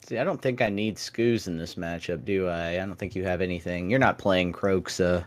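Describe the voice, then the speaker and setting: A man's voice: low voice, steady tone, moderate pace. A man playing a card game against the host, chatting in an easygoing way and laughing often. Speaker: guest opponent in a card game match. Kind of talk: casual gaming chat.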